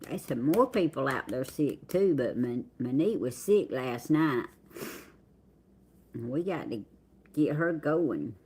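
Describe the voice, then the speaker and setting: Deep as a bass, slightly rough and a little mellow, her voice is animated but slow. The middle-aged Southern American woman hosts a livestream, chatting casually and drawling viewers' names as she says hello.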